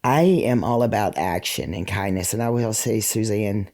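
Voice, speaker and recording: A man with a mellow, relaxed tone speaking slowly through his emotions. He pauses, restarts and fills gaps with "um" as he thanks the person across from him. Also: on the low side. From rural United States. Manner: halting, grateful, many fillers and restarts. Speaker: interview guest. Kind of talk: emotional conversation.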